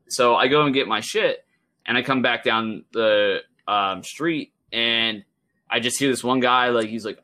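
A young man co-hosting a podcast, telling a story in a loose, animated way, swearing and acting out what people said. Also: mid-range voice, a little slow. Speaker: podcast co-host. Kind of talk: casual podcast chat.

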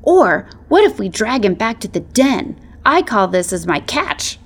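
A woman voicing a cheeky young male wolf pup who chatters excitably in a storybook reading. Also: mid-range voice, a little slow, voice pushed up. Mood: excited, whiny.

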